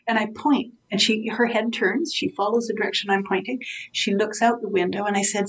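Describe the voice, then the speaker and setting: Female interview guest, dementia care expert; lively storyteller with a gravelly edge. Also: mid-range voice, brisk, few pauses, low-quality recording. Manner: vivid storyteller who acts out dialogue.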